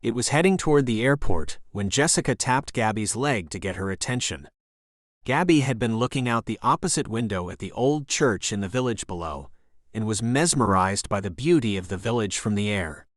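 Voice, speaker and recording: A man narrating a thriller audiobook in a steady, even scripted delivery. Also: fairly low pitch, moderate pace, dry recording, studio quality.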